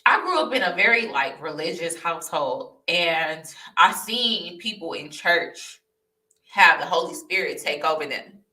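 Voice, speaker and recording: Young woman, giving a fervent testimony to camera, bright and forceful, in an echoey room away from the mic. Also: fairly low pitch, lively intonation, a little slow, far from the mic. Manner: fervent, addresses viewers as y'all, repeats phrases. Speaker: vlogger sharing her testimony. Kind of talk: emotional personal testimony to camera.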